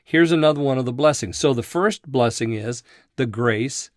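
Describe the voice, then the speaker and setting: A man's voice: medium pitch, normal speed, no echo, clean studio sound. A man giving a folksy, conversational Bible teaching on a radio show, thinking aloud and chuckling now and then.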